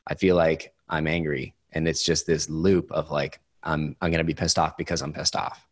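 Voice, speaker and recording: Deep husky man, reflective chat. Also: little pitch movement, moderate pace. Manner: reflective, hesitant with fillers and restarts. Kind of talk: casual conversation.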